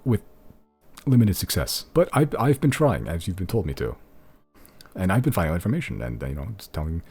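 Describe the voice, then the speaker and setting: A man's voice: low voice, very animated, fairly quick, darkish tone, husky, soft background music, pitched above the performer's own voice, exaggerated voice. A man voicing a nervous, eager young male informant who stammers and rambles.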